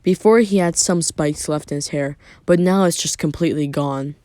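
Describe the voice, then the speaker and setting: A man's voice: on the high side, normal speed, a little mellow, smooth, no echo. A man casually narrating a made-up fan story, rambling with many filler words.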